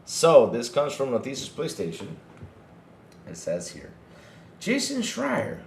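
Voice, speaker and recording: A man's mid-range voice comes slowly and with vocal fry, captured in an echoey room with a little hiss or hum. He's a gaming podcast host who reads the news aloud, then mocks it, swearing and speaking animatedly to his chat.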